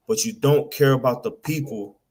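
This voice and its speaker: A man's voice: mid-range voice, moderate pace, a little mellow. Man, preacher type, blunt rant, trips over his words, plain mid-range voice. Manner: blunt, repetitive, slangy, mimics people in asides; stammers and repeats words. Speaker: street preacher.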